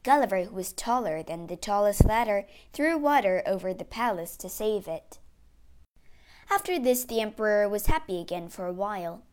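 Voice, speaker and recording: A woman reading a children's storybook aloud, clear and expressive. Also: mid-range voice, normal speed.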